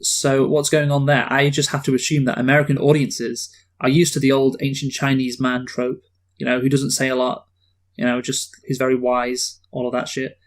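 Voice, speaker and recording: Brief: male co-host, dry deadpan delivery, plain mid-pitched voice. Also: normal speed. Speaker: podcast co-host. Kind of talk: casual film review chat.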